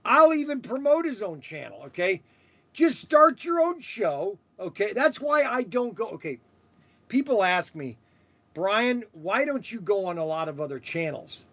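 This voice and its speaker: A man hosting a toy shop stream, rambling in casual chat with halting restarts and chuckles. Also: high voice, dry recording.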